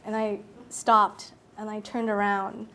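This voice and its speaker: A woman speaking at a public talk, telling a personal story in an animated way, acting out her own thoughts and laughing often. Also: medium pitch, slow, slight background noise.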